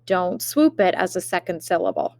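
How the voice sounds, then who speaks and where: A woman teacher giving a remote spelling lesson, dictating words slowly and carefully with example sentences. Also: fairly low pitch, huge pitch swings, creaky, a little mellow, dry recording.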